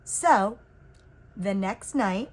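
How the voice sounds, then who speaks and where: A woman reading a children's picture book aloud in an expressive, unhurried way. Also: medium pitch. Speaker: reader. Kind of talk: storybook read-aloud.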